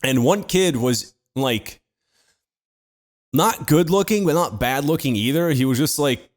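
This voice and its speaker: A man's voice: on the high side, animated, measured pace. A young man co-hosting a comedy podcast, telling stories in a profane, joking, casual way. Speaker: podcast co-host.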